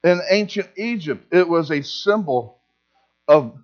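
A man's voice: a little high, animated, unhurried, a little mellow, lo-fi sound. A male pastor preaching a sermon at a church service, emphatic, repeating key phrases and asking the congregation questions.

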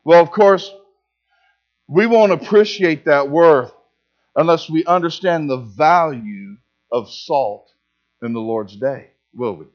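A man with a high voice delivers a sermon to his congregation in church. He speaks emphatically, repeats key phrases and puts questions to the listeners. The recording is dull and lo-fi, with a steady mains hum underneath. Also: slow. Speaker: pastor. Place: church service.

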